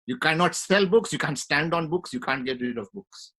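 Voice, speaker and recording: A man's voice: on the high side, lively intonation, moderate pace, a bit bright, slightly rough. A man putting on a stern scolding mother. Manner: stern and emphatic. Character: strict mother scolding a toddler about books. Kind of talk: acted quote in an online panel chat.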